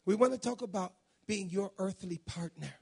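A man with a raspy voice preaching a folksy, emphatic sermon in a church, reading scripture and praying aloud. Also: high voice, moderate pace. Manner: folksy, emphatic, builds to shouting in prayer. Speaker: guest preacher.

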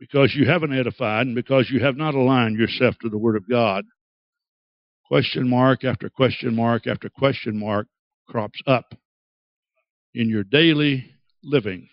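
A man preaching a sermon, dramatic and acting out quoted voices with big swings in pitch. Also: normal speed, no room sound, muffled recording. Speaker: pastor.

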